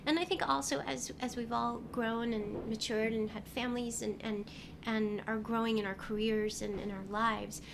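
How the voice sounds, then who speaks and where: A woman's voice: on the high side, steady tone, moderate pace, gravelly, noisy background. A woman voice actress chatting as an interview guest, telling stories with lots of ums. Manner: chatty, warm storytelling with many fillers. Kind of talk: casual interview chat. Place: convention venue.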